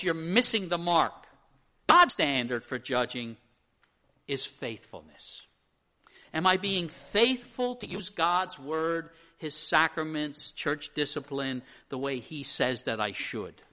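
A man's voice: fairly high pitch, gravelly, bright, forceful tone, low-quality recording. A male pastor with a Pennsylvania Dutch accent, teaching a Sunday school class in a conversational, rambling way full of anecdotes.

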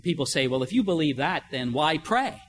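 An older male pastor delivering a sermon, his voice fairly high for a man and very lively in pitch. He talks in a chatty, storytelling way and asks his listeners rhetorical questions. Faint background noise sits under the voice. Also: fairly quick. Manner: conversational preaching with stories and rhetorical questions.

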